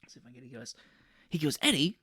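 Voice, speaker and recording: A man's voice: medium pitch, fairly even intonation, racing, darkish tone, breathy edge, dry recording, studio quality. A man co-hosting a casual movie podcast, animatedly recounting scenes. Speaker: podcast co-host.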